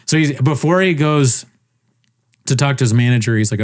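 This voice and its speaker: A man on a casual podcast telling a story with animated, swearing delivery, laughing often and acting out the people he quotes. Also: medium pitch, moderate pace. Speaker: podcast co-host. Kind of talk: casual chat.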